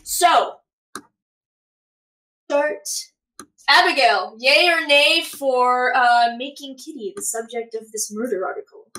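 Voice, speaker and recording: A woman hosting an improvised voice role-play, briskly moderating the discussion and calling for votes. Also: sits high, bright, forceful tone, reverberant, poor audio. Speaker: host running the game.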